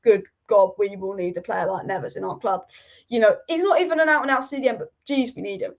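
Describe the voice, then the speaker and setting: A woman with a high voice hosts a live football stream. She rambles with strong opinions and repeats her points for emphasis, and the audio is dull and lo-fi. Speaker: football channel host. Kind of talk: live-stream football chat reading viewer comments.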